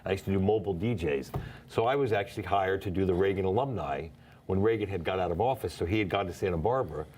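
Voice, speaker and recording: Man, low-ish voice, rapid rambling anecdotes, faint noise. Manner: rambling anecdotes, quick laughs. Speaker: guest. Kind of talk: casual chat.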